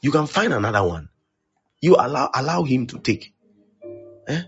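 Emphatic pastor preaching. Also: male voice, mid-range voice, big pitch swings, measured pace, long pauses, dull audio, faint music behind. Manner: emphatic preaching, repeats phrases, swings loud to hushed. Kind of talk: sermon.

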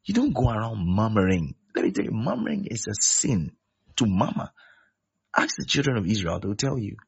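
A man's voice: fairly low pitch, very animated, normal speed, vocal fry, breathy edge. A man preaching a sermon, emphatic and repeating his key phrases. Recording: dull lo-fi recording.

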